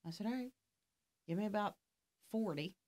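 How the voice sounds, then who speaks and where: A woman's voice: medium pitch, moderate pace, a little mellow. A middle-aged woman, a life coach, telling a story in casual conversation and acting out both sides of the dialogue. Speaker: podcast guest, life coach.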